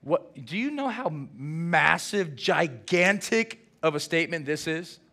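High-voiced animated preacher man. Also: unhurried. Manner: animated preaching with acted-out dialogue. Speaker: senior pastor. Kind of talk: sermon.

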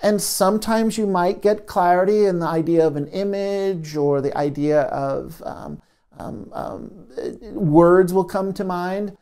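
A man, a trauma therapist, gently giving a self-help talk to camera into a microphone, soft-spoken with many pauses. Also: high-pitched, clean tone. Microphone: studio microphone.

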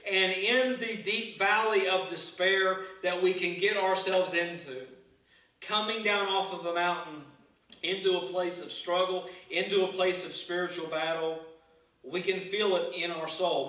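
A man preaching a sermon from the pulpit in an earnest, halting way, often doubling back on his words. His voice sits a little high and sounds bright and forceful. The recording catches him from a distance in a very echoey church hall. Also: steady tone. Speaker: pastor. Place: church sanctuary.

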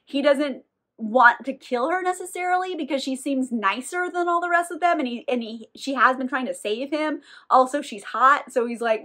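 A woman's voice: high-pitched, normal speed, fairly bright tone. A woman giving a casual, sarcastic recap of a novel, with wry asides and some swearing. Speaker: book reviewer.

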